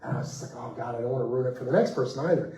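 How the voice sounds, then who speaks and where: A man, a comics writer on a festival panel, telling anecdotes in a lively way, acting out the people he quotes and laughing as he goes. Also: mid-range voice, very fast, distant mic. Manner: animated, acts out quoted voices, laughs mid-story. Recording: roomy echo, voice off-mic.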